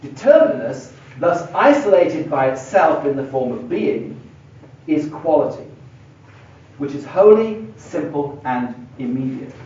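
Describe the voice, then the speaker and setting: A man's voice: fairly high pitch, very animated, a little slow, a little mellow. Man lecturing in an echoey hall. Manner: thinks aloud, stressing words, writing on a board. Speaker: philosophy lecturer. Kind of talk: university lecture. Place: lecture room. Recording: echoey lecture hall, mic far away, dull and lo-fi.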